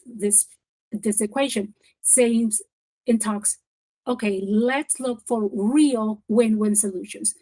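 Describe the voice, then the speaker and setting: A woman presenting a professional development webinar in a lively, encouraging coaching manner, stressing key words and repeating them for effect. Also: fairly high pitch, rough recording.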